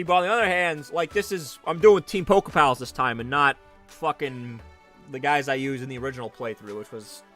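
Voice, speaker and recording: A man's voice: medium pitch, fairly bright tone. A man giving casual gaming commentary, swearing often and talking to viewers. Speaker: let's play streamer.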